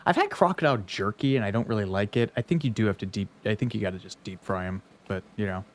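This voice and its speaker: A man's voice: fairly low pitch, quick pace. Joking laid-back male co-host. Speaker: podcast co-host. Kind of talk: casual chat.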